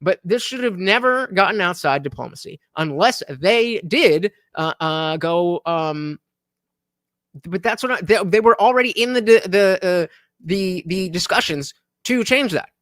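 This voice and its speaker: A man's voice: high-pitched, lively intonation, measured pace, a bit bright, dry recording, clean studio sound. A man in his thirties hosting a livestream, reacting with rambling commentary full of filler words. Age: 30s. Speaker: livestream host.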